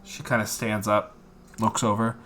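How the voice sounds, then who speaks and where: Bright-voiced male game master. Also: lowish voice, level tone. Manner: halting, with many fillers. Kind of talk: narrating a tabletop game.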